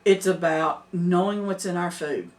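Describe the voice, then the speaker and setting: A woman's voice: lowish voice, measured pace. Earnest older woman, off-mic. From Middle Tennessee. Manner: earnest, emphatic, laughs easily. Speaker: homesteader. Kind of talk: casual chat. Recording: distant mic.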